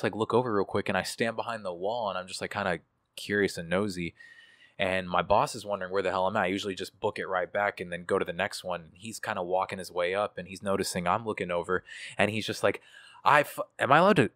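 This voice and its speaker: A man's voice: low-pitched, fairly even intonation, fast talker, fairly bright tone, no room sound, clean studio sound. A young man telling a story as an interview guest, casual and profane, with many fillers. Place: indoor room.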